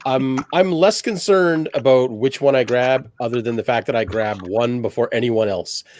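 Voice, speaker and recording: A man's voice: mid-range voice, moderate pace, a little mellow, no echo. A man playing a tabletop game, chatty and playful. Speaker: player. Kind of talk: casual tabletop play.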